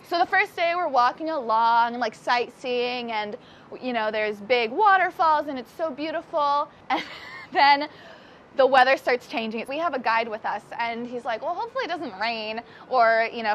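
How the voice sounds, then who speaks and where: A young woman telling a lively travel story to a group at a hostel, dramatizing the scary parts. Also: sits high, slight background noise. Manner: lively, expressive, dramatizes with rising voice. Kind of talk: casual storytelling. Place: hostel common area.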